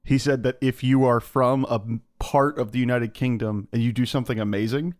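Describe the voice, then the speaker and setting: A man co-hosting a podcast, chatting casually and passing on fun facts in a relaxed way. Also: mid-range voice, brisk. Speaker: podcast co-host. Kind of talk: casual chat.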